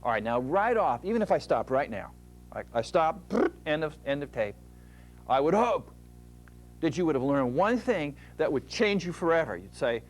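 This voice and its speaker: A man's voice: fairly high pitch, sing-song, normal speed, soft background music. A man from the United States explaining fitness at a diagram in a folksy manner, acting out muscles talking. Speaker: fitness instructor. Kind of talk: explaining at a whiteboard.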